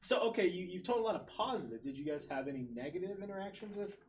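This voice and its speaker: Male podcast host, relaxed questions, lively pitch, slightly high. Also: quick pace. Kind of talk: casual interview.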